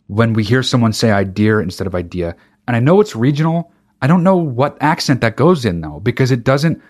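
A man hosting a podcast, talking alone in a casual monologue, ranting with emphatic profanity and frequent restarts. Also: medium pitch. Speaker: podcast host.

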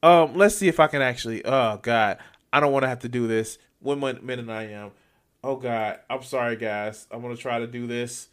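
Male streamer, mid-pitched, talks back at a clip in disbelief, stumbles over his words. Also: normal speed, smooth. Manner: incredulous, swears, stammers and restarts. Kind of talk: live reaction commentary.

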